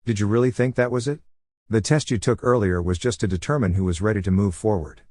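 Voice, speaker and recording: A man's voice: on the low side, fast talker, a little mellow, dry recording, lightly acted. A man reading a laid-back ninja teacher. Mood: easygoing. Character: relaxed, teasing adult male ninja teacher.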